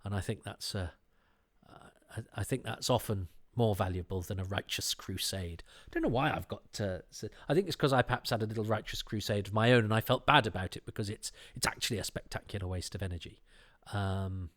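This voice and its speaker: A man's voice: on the low side, a little fast, a bit bright. Rambling man hosting a podcast. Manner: rambling and self-deprecating, many fillers and restarts. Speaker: podcast host. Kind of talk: casual chat.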